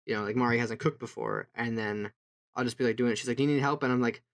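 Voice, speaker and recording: A man's voice: mid-range voice, level tone, fast talker, vocal fry. A young man co-hosting a casual podcast chat, rambling and laughing at his own jokes. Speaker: podcast co-host.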